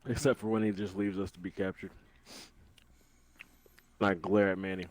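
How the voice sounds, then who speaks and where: A man with a somewhat low voice playing a tabletop game with friends. He talks in easygoing, joking banter. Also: flat delivery, moderate pace, dry recording. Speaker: player. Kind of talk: casual chat while playing a tabletop game.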